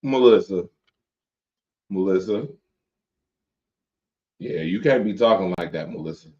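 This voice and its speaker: A man hosts a late-night sports talk show, bantering loosely and reading out viewer comments. His voice sits a little low and comes through dull, lo-fi stream audio. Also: lively intonation, measured pace, darkish tone. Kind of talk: casual chat with viewers.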